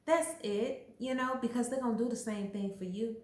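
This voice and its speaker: A woman's voice: a little high, moderate pace, darkish tone. A woman vlogger explaining astrology in a casual, emphatic, chatty way. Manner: chatty, emphatic, acts out little quoted voices. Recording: echoey room.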